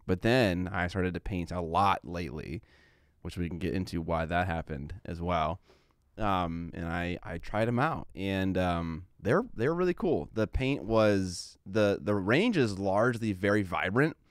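A man's voice: sits low, unhurried, dry recording, clean studio sound. A man co-hosting a casual podcast, rambling with lots of fillers and restarts. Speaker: podcast co-host.

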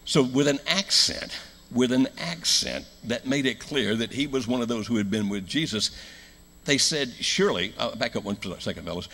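An American man preaching a sermon in a church, telling a story with loud emphatic lines and hushed low ones. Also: expressive, normal speed. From United States.

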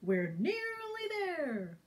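A woman's voice: extremely high pitch, wildly swooping pitch, very slow, full character voice. A woman voicing a kindly man who drives farm animals and children, with a cheerful, encouraging storybook voice.

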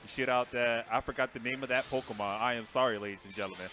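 A man commentates live on a fighting game tournament at a fast clip, casual, excitable, and chatty. He jumps from loud outbursts to low mutters.

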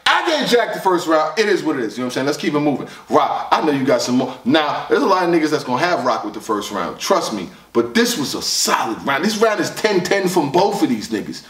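A man recapping a battle rap in casual, animated, profane commentary, reacting loudly and repeating words as he quotes lines. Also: fairly high pitch, fairly quick, few pauses, echoey room, far from the mic, a little hiss or hum.

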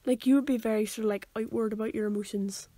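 A woman's voice: fairly high pitch, fairly even intonation, quick pace, mellow, dry recording. A young woman, co-hosting a casual podcast, talking hesitantly with many restarts. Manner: hesitant, full of likes and restarts. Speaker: podcast co-host. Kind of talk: casual chat.

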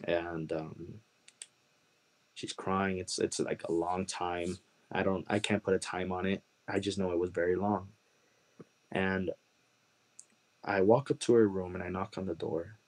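A man from Chicago telling his conversion testimony as a guest, earnest and halting, with many "like" and "you know" fillers. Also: low-pitched, a little mellow, low-quality recording. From Chicago, USA. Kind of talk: personal testimony storytelling.

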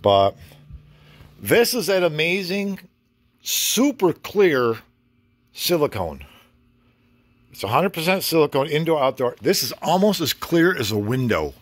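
A man's voice: fairly high pitch, very animated, a little slow, pauses often, no echo. A man casually vlogging a home-improvement project in his garage, rambling and chatty with mild cursing. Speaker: DIY vlogger.

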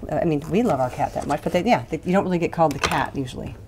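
A woman with a notably low voice talks through a recipe in a kitchen. She rambles and laughs easily, with a little faint noise behind her. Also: rapid-fire. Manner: chatty, rambling, laughs often. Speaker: cooking show host. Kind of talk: casual cooking demonstration.

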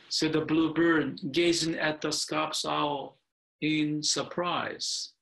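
An older male minister reads a picture book aloud at a slow, unhurried pace. His voice is bright and a little high, and he pauses now and then to explain the story. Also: flat delivery, vocal fry, poor audio. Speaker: Buddhist minister. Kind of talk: reading a picture book within a sermon.

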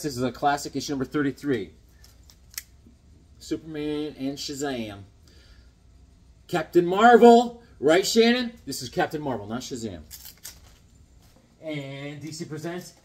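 In a husky, slightly mellow voice on the high side, a middle-aged comic collector chats casually while unboxing his latest comics. He rambles enthusiastically and acts out voices as he spins his stories.

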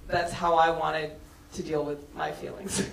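A woman's voice: sits low, level tone, a little slow, creaky. A woman filmmaker speaking on a panel in a casual, chatty way, laughing often and filling her talk with fillers. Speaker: film director on a panel. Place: auditorium at a screening event. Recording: echoey hall from far off, faint noise.

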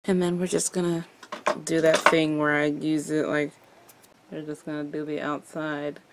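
A woman's voice: low-pitched, little pitch movement, moderate pace, very noisy. A young adult woman vlogger chatting casually through a makeup tutorial, playful and chatty, tossing in little sound effects. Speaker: beauty vlogger.

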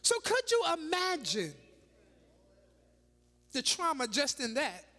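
A woman bishop preaching a sermon in a church, dramatic and animated, firing rhetorical questions at the congregation with laughing asides. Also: high voice, slow. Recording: long reverb of a large church hall.

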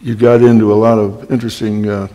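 An older man, a guest speaker, telling wry anecdotes in a storytelling talk and clearing his throat often. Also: fairly low pitch, little pitch movement, fast talker, mellow. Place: library talk hall. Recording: long hall reverb.

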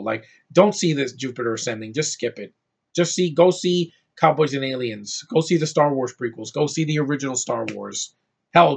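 A man's voice: medium pitch, gravelly, breathy edge. A man giving a blunt, profane, rambling film review rant. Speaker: movie reviewer.

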